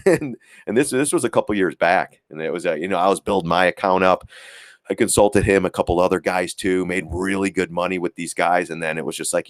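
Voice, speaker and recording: A man hosts a stock trading livestream, chatting casually and rambling with heavy filler words and repetition. He acts out quoted voices and chuckles often. His deep voice is brisk, captured in a dry, studio-quality recording.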